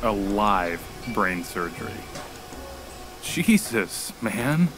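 An actor playing a weary, gruff man searching for a lost woman in a video game, speaking in a blunt, dry, sardonic way. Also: lowish voice, sing-song, extremely slow, over music, exaggerated voice.

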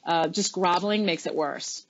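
A woman's voice: on the low side, moderate pace. Middle-aged woman telling stories in an interview, acts out quotes, kinda muffled lo-fi sound. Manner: animated storyteller, acts out quoted lines. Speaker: interview guest, former chief of staff. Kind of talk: storytelling in a webinar interview.

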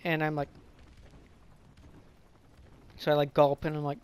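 Guy rambling thru a story time vid, kinda high voice, lots of likes n swearing, keeps stumbling. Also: completely flat delivery, fast, darkish tone, smooth. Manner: rambling, filler-heavy, profane; stumbles and restarts often. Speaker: vlogger. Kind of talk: casual storytelling.

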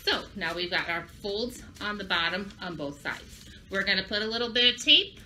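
A woman's voice: mid-range voice, animated, moderate pace, pushed and bright, slight background noise. A woman librarian giving a children's craft and story lesson, upbeat and speaking directly to young kids.

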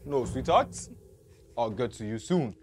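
A man's voice: medium pitch, lively intonation, a little slow, slight background noise, lightly acted. An actor with a Nigerian accent playing a menacing male kidnapper who taunts his captives. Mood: taunting. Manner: taunting, then erupting into shouts. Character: menacing male kidnapper with a mocking, unhinged temper. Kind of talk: Nollywood film acting.

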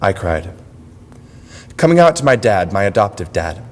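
A man's voice: fairly low pitch, sing-song, moderate pace. A man performing a personal monologue on stage in short, clipped phrases. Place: university event hall. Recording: long hall reverb.

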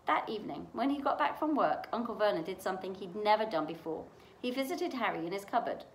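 A woman reading a novel aloud for a library storytime, in an expressive way. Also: medium pitch, quick pace. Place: library room. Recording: echoey room.

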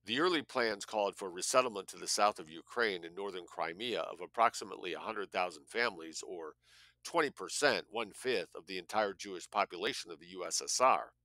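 A man's voice: low voice, a little fast, bright, forceful tone, no echo. A man reading a nonfiction book aloud, spelling out words letter by letter and adding blunt asides of his own. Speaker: audiobook reader.

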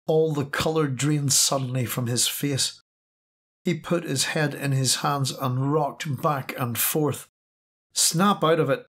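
A man reading science fiction aloud as an audiobook narrator, steady and measured. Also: medium pitch. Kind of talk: scripted narration.

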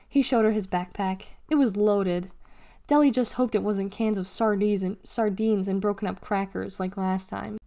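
A woman reads a children's novel aloud at a middle pitch. She lifts her voice for the characters' lines and drops it to a whisper at times. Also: moderate pace. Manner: expressive, acts out dialogue with raised pitch and whispers. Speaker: reader.

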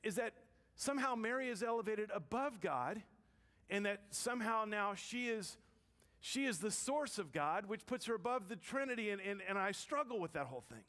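A woman's voice: medium pitch, lively intonation, normal speed, a bit bright. Conversational woman pastor, long church reverb. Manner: conversational, joking, questions the congregation. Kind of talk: sermon. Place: church sanctuary.

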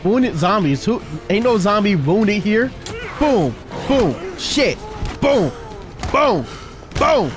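A young man calling out his own gameplay in a loud, excitable way, trash-talking the enemies as he goes. His voice is high and swoops all over the place. A game soundtrack plays clearly behind him. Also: slow, music in the background. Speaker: gaming video host. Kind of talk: excited let's-play commentary.

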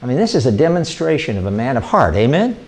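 An older man, an evangelist, talking through an informal, rambling sermon with excitable enthusiasm. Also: medium pitch, quick pace. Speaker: evangelist hosting a ministry show. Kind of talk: informal sermon talk to camera.

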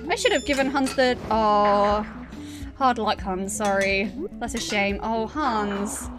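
She's a gaming streamer with a medium-pitched, slow voice, chatting loosely through her live stream with music playing in the background. Giggles come often, and she talks back to the game's characters.

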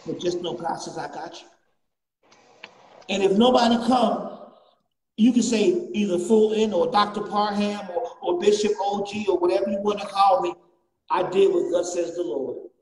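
A man preaching a fervent sermon as a guest bishop, repeating refrains and rising to shouts. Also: sits high, steady tone, moderate pace. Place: church sanctuary. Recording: echoey church, distant mic, faint noise.

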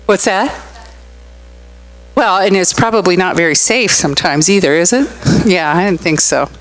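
A middle-aged woman pastor with a lowish voice gives a conversational sermon at normal speed, and the recording is rough. She's chatty, tells stories, and puts questions to the congregation.

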